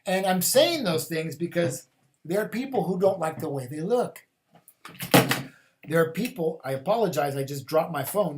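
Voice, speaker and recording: A man hosting a spiritual call-in show, talking loosely with fillers and repeated, chant-like questions. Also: fairly high pitch. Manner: rambling, with fillers and repeated phrases; rhythmic, incantatory questions. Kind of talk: casual spoken monologue.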